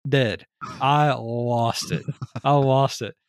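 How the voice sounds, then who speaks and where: A man hosting a podcast in casual chat, telling stories in an animated way, laughing often and swearing casually. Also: mid-range voice, takes it slowly, clear, resonant tone, no room sound, clean studio sound. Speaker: podcast host.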